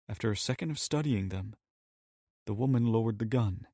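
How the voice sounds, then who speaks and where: A man narrating an audiobook in a steady, measured way on a close mic. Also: lowish voice, no room sound. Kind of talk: scripted narration.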